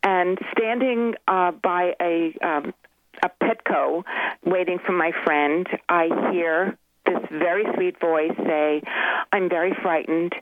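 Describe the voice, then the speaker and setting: A woman's voice: fairly low pitch, slow. A woman calling in as a guest animal communicator on a radio interview, telling long earnest stories with many restarts. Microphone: telephone. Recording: tinny phone line.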